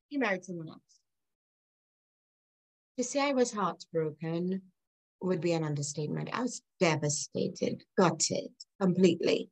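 A woman's voice: lowish voice, a little slow, long pauses, a little mellow, rough recording. A middle-aged woman guest, earnest and reflective, telling a personal story in an interview and laughing now and then.

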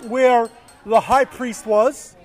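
High-voiced man retelling a Bible story. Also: fairly even intonation, slow pace. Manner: loose, with fillers and self-corrections.

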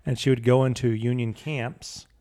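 A man co-hosting a casual podcast, telling a history story in a halting way with many fillers and restarts. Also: medium pitch, fairly even intonation, dark tone. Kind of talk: casual chat.

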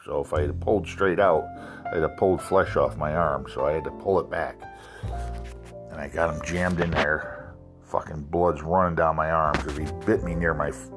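A middle-aged man hosting a podcast, telling animated, profane stories in a casual way. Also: deep voice. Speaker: podcast host. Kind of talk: casual storytelling.

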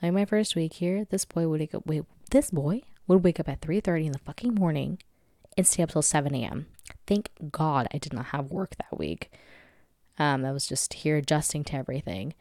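A woman's voice: low-pitched, brisk, mellow, dry recording, clean studio sound. A woman in her twenties hosting a casual solo podcast from home, chatty and candid, swearing freely and laughing often. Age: 20s. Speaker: podcast host.

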